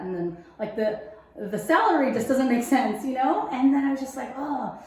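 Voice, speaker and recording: A woman's voice: a little high, fairly even intonation, brisk, a little mellow. A woman in casual conversation, telling her story with animation and acting out her own past thoughts. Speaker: guest sharing faith testimony. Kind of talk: casual interview chat. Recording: very echoey room.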